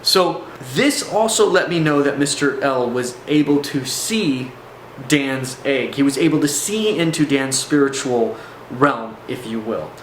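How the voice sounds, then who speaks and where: A man's voice: medium pitch, lively intonation, a little slow. A man telling a personal story in a casual, rambling way, with fillers and restarts. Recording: echoey room, faint background noise.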